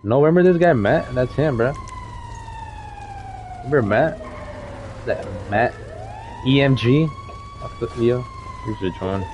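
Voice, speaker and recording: A man's voice: medium pitch, animated, measured pace, pauses often, a little mellow, a little hiss or hum. A young man hosting a live game car meet, talking in loose slang and calling players in by name. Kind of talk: casual live-stream commentary.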